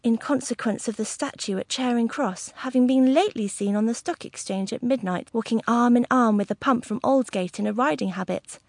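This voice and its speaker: A woman doing a leering, eccentric old gentleman. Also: on the high side, fairly quick, hardly any pauses, dry recording, clean studio sound. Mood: pleading. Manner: pleading, languid.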